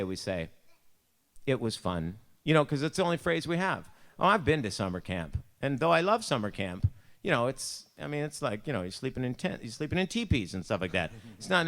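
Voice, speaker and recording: A man's voice: mid-range voice, sing-song, quick pace, gravelly, a bit bright. Chatty man with a Buffalo accent. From Buffalo, New York. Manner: chatty, self-mocking, acts out voices in his anecdotes. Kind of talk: storytelling devotion.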